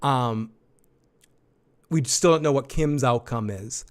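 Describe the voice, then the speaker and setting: Excited rambling man reviewing a TV episode. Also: mid-range voice, slow. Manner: excited, rambling, repeats himself and swears. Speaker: show host. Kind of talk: live episode review chat.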